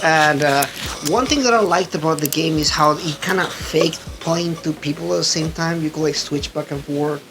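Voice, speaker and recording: A man with a slightly high voice hosts a casual podcast, rambling excitedly about his favorite games and tripping over his words. A faint hiss of noise sits under the recording. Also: normal speed. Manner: rambling, excitable, frequent restarts and laughs. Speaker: podcast host. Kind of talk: casual gaming chat.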